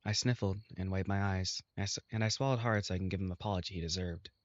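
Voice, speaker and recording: A man narrating a visual novel in steady first person. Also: low voice, quick pace, no room sound, muffled recording. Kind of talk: reading a game aloud.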